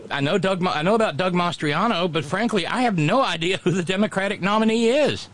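A man's voice: sits high, expressive, fast talker, hardly any pauses, a bit bright. A man hosting a call-in talk show, speaking with dry, wry humor.

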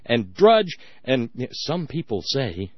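A man's voice: medium pitch, sing-song, slow, no room sound, highs cut off. Sarcastic ranting male radio talk host. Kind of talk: political call-in radio commentary.

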